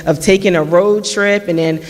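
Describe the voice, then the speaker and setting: A medium-pitched, steady voice at normal speed comes from a late-30s speaker at a community forum. Earnestly telling their personal story, they reenact old conversations in their own voice while the church hall rings with long reverb.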